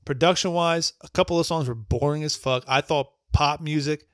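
A man's voice: fairly high pitch, normal speed, dry recording, clean studio sound. A man co-hosting a podcast, giving blunt, profanity-laced album ratings in casual chat and teasing his co-hosts. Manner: blunt, swears freely, teasing. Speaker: podcast co-host.

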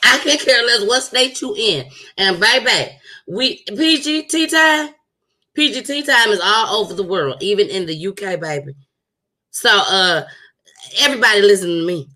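A woman podcast host giving casual, slangy commentary to her live viewers, animated and preachy. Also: mid-range voice, normal speed, low-quality recording.

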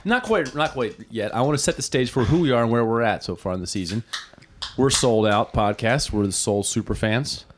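A man hosting a casual podcast, talking with friends around the table. His pitch rises and falls widely as he reacts, and he often breaks into laughter and gasps. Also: a little hiss or hum. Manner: animated, quick gasps and laughs. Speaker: podcast host.

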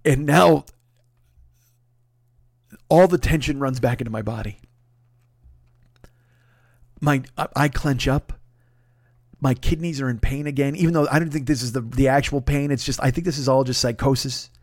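A podcast host, a man, telling a comic personal story in a profane, animated way, dropping to a hush for re-enactments and rising in exasperation. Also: medium pitch, normal speed, pauses often, dry recording, clean studio sound. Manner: profane, animated, swings between hushed re-enactment and loud exasperation.

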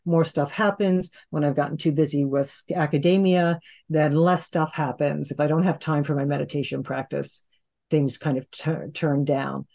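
A woman's voice: sits low, steady tone, moderate pace, vocal fry, dark tone. A woman in her sixties, a hypnotherapist and interview guest, telling a long personal story in a rambling conversational way, with many restarts. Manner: rambling, with restarts and "you know".

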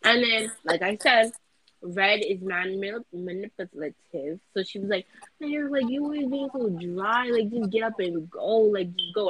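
A woman's voice: medium pitch, moderate pace, a bit bright, husky, dry recording, poor audio. A young woman co-hosting a casual podcast, telling a story in a rambling way, stumbling and repeating her words. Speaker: podcast co-host.

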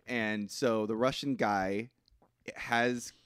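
A man co-hosting a podcast, recapping a movie in casual chat, rambling and halting with restarts and swearing. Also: lowish voice, fairly even intonation, fairly bright tone, smooth, no echo, clean studio sound. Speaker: podcast co-host.

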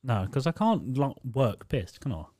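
A man's voice: medium pitch, big pitch swings, normal speed, darkish tone, no echo. Guy a bit drunk, laughing and swearing, voice swings up and down, dead dry mic. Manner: boisterous, swears freely, laughs often. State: tipsy from drinking. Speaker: podcast co-host. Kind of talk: casual chat.

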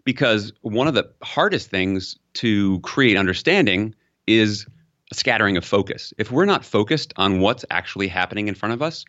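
A man's voice: animated, normal speed, fairly bright tone, lo-fi sound. A man being interviewed as a communication expert, explaining with examples and lifting his voice for emphasis. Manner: explanatory, uses examples, rises in pitch for emphasis. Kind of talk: interview conversation.

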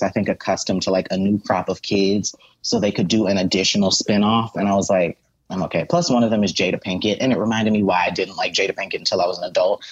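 A man with a husky, slightly breathy voice talks through a TV plot in a loose, animated way. The sound is dry and a little dull, with no room around it. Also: lowish voice, no room sound. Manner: animated storyteller who acts out characters' voices. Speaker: podcast co-host. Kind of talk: casual chat, animated recap.

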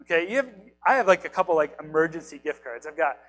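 Male pastor, 30s-40s, high voice, casual self-deprecating sermon delivery, faint music bed. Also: expressive, fast, a bit bright, poor audio. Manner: chatty, self-deprecating, asks the listeners questions.

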